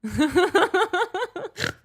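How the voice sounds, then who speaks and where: A woman's voice: very high-pitched, sing-song, extremely slow, fairly bright tone. A woman co-hosting a podcast live stream, chatting casually in a playful, giggly, self-mocking way. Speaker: podcast co-host.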